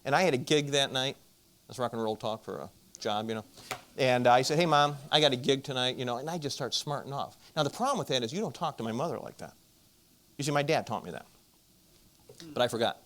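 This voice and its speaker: A middle-aged man telling a personal story to an audience, animated and acting out the voices of the people in it. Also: medium pitch, a little fast, pauses often. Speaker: marriage conference speaker.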